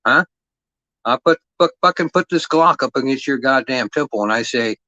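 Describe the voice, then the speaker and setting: A man's voice: medium pitch, expressive, normal speed, bright, forceful tone, no room sound, dull audio. A middle-aged man in a profane livestream rant, aggressive and mocking, swearing heavily and throwing out taunting rhetorical questions.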